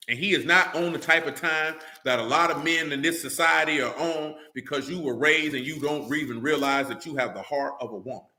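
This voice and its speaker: Guy preaching, blunt and street-casual, bright edgy voice, echoey room. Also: fairly high pitch. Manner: blunt, colloquial, lots of rhetorical questions. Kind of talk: sermon.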